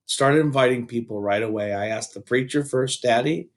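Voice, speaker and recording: A man reading a children's novel aloud as a teacher, animated with asides. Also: medium pitch, normal speed.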